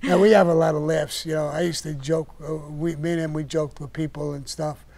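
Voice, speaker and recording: A man's voice: a little high, little pitch movement, brisk, a little mellow. An older man, blunt and profane, telling stories on a live stream and getting heated when he rants. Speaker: podcast host telling stories. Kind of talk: casual storytelling on a live stream.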